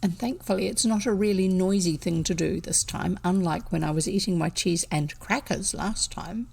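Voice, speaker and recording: A woman's voice: lowish voice, moderate pace, gravelly, darkish tone, breathy edge. A woman with a New Zealand accent who reads storybooks aloud, chatting casually and at a rambling pace between chapters while she snacks. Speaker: storybook reader.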